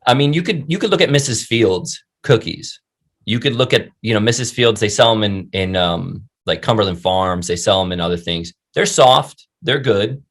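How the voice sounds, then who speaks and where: A young man hosting a casual podcast, with a voice on the low side. He jokes around, swears freely and keeps the chat loose and friendly. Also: expressive, moderate pace. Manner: laid-back, swearing, jokey. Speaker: podcast host.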